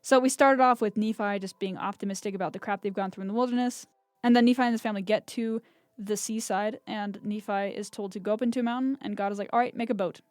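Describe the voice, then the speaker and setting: A woman's voice: medium pitch, fairly even intonation, fast talker, darkish tone, dry recording. A young woman host reading scripture aloud and chatting enthusiastically about it, with lots of "like" fillers. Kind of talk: scripture reading with casual commentary.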